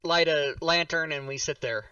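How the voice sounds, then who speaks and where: A man hosting a casual chat, telling a childhood story in an animated, swearing way. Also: fairly high pitch, moderate pace, smooth, no room sound. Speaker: host. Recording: distant, dull-sounding mic.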